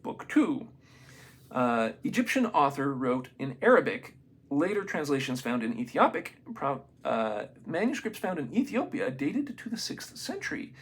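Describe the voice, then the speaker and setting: A man reading a book aloud in a casual, unprofessional way, stumbling over names and adding excited comments of his own. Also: medium pitch, slightly rough. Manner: reads haltingly, stumbles on names, adds excited asides. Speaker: amateur reader of a book.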